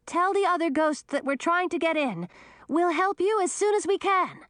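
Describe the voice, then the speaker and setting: A woman's voice: fairly high pitch, lively intonation, moderate pace, dry recording, pitched above the performer's own voice, natural voice. A brave young dragoness princess, as a woman reads her aloud, with a lifted, earnest voice that rings out when she calls. The sound is dry and close, as in a storybook recording. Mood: calling out. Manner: bright and earnest, calls out loudly.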